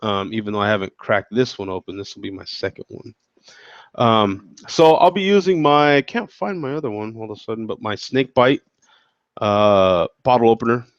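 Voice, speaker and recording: A man's voice: lowish voice, moderate pace, no echo. A man hosting a casual beer-tasting show, rambling in a laid-back way, slightly congested from a cold. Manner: laid-back, rambling, peppered with "you know what I'm saying". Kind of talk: casual beer review chat. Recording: dull lo-fi dry sound.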